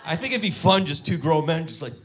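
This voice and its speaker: A male comedian on stage with a somewhat high, very lively voice that jumps into shrill shouts when he acts out other people. He talks straight to the crowd into a handheld mic, with a faint hum of room noise behind him. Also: fast talker. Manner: animated, acts out characters with sudden high-pitched shouts. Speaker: stand-up comedian. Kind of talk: stand-up comedy set. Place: comedy venue with audience.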